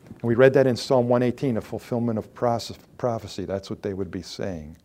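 A pastor preaching a sermon, his voice rising loud and dropping to near-whispers as he reads scripture and talks to the congregation. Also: mid-range voice, fairly quick. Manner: lively, rises loud then drops to near-whispers.

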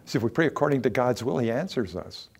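A man preaching a sermon as a pastor, earnest and emphatic, dropping to soft asides and rising to loud declarations, often repeating words for stress. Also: medium pitch, lively intonation, fast, gravelly, husky.

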